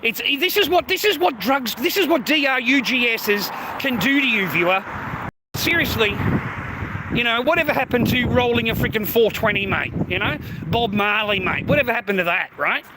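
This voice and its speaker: A man's voice: extremely high pitch, expressive, normal speed, background noise. A man hosting a livestream in a crude, sweary ranting chat, mocking his viewers and laughing often. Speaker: livestream host.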